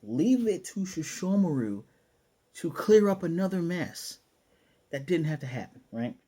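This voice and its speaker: A man giving a casual, excitable episode review in slangy speech, swearing and acting out the scenes as he retells them. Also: a little high, unhurried, breathy edge. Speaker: anime reviewer.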